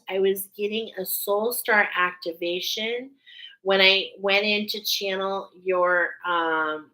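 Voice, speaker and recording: Slow, bright-voiced woman giving a spiritual card reading. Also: mid-range voice, poor audio. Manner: earnest, heartfelt, meandering delivery. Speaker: intuitive oracle card reader.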